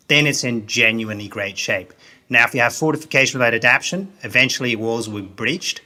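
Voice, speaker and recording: A man's voice: mid-range voice, pushed and bright. A man, a business consultant, giving emphatic interview answers that repeat key phrases.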